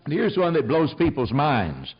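An older man preaching a sermon, telling stories in an animated, emphatic way. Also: fairly high pitch, moderate pace, husky. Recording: dull lo-fi sound.

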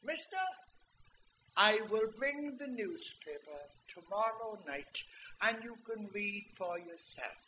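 A man's voice: high-pitched, slow pace, a little hiss or hum, full character voice. A preacher voicing a frail, eager old man of ninety-three with a shaky, quavering voice, on a muffled recording. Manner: excited, exclaiming to his wife.

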